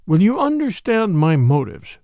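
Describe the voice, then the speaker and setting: Quiet, calm little priest detective in a radio-style story, read by a man. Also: high voice, moderate pace, dry recording. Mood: calm, grave. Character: little mild-mannered male priest detective.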